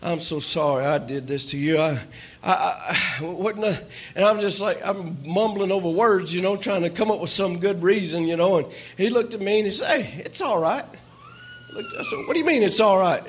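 A man preaching a sermon, telling a folksy story and rising to shouts. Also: high-pitched, huge pitch swings, moderate pace, slight background noise. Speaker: pastor.

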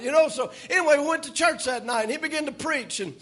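A man preaching a sermon, telling a folksy story and rising to shouts. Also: very high voice, fast. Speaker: pastor.

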